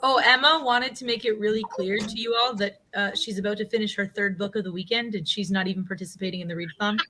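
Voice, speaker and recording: A young woman from Canada chatting on a video call, telling stories in an animated way with lots of "like". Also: medium pitch, fast, poor audio. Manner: animated storyteller, heavy "like" fillers. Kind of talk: casual chat on a group call.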